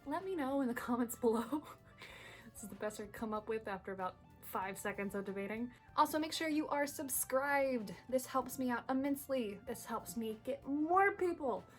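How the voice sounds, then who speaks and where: A young woman telling a funny story to camera in a casual vlog, animated and laughing between lines. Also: high voice. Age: young adult. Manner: animated, laughs through the story, chatty asides. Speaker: vlogger. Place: bedroom at home. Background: soft background music.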